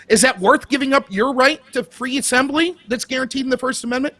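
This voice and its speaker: A man with a very high, bright voice argues his point as a guest on a talk show. He drives his case home with a run of rhetorical questions. The sound is close and dry, with no room echo. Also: fairly quick. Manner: argumentative, asks rhetorical questions. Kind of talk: political commentary.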